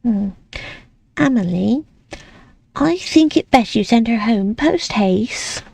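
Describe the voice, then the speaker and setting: A woman's voice: a little high, animated, takes it slowly, gravelly, a little mellow, no echo, heavily acted. A woman voicing a possessive, controlling female caretaker with a cool, insistent, manipulative manner.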